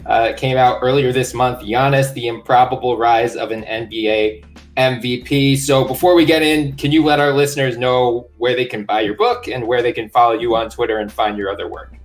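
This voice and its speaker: A man's voice: mid-range voice, steady tone, fairly quick, faint music behind. A man hosting a basketball podcast interview in a friendly way, with light laughter and fillers. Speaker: podcast host.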